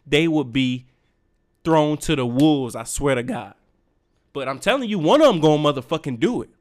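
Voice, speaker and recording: A young man rants on his own podcast. His voice sits slightly high, and he talks in a heated, profane, emphatic way, pressing hard on each point. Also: animated, normal speed. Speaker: podcast host. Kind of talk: solo rant.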